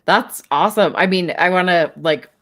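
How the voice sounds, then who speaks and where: A woman hosting an interview show, with a notably deep voice for a woman. She answers her guest enthusiastically in loose, casual phrasing full of "like". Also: normal speed, fairly bright tone. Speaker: show host. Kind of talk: conversational interview.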